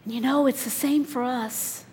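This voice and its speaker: A woman preaching a sermon, telling the story dramatically, her voice swelling loud and dropping soft. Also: sits high, fairly even intonation, unhurried, slight background noise. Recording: long reverb in a large hall.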